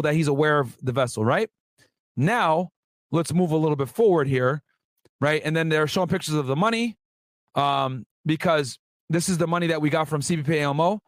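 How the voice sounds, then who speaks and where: A man's voice: a little high, dry recording. A man and former federal agent telling a story in a casual vlog, reading out court transcripts with slangy asides to his viewers. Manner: chatty, addresses viewers as guys, slangy asides.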